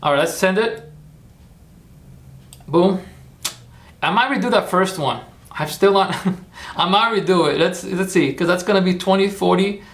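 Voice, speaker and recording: A man's voice: high voice, a little slow, pauses often, a bit bright. A man hosting a casual livestream, chatty and rambling as he talks viewers through his steps and cheers them on. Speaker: livestream host.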